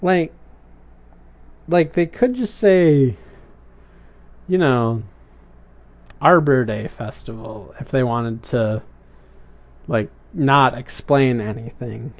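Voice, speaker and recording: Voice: medium pitch, slow, long pauses. A reviewer giving casual commentary on a cartoon episode, rambling with puzzled, questioning asides and wry humor.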